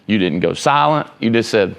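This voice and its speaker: Male motivational speaker, low gravelly voice, emphatic off-the-cuff delivery that quizzes the room. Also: animated, moderate pace. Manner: emphatic, rambling, asks the room questions. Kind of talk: informal motivational talk to students.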